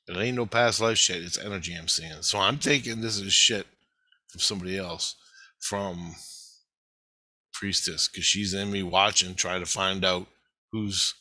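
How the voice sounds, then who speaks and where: A man telling a rambling, profane story in casual vlog style, getting excited as he goes. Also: low-pitched, no room sound. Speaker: vlogger.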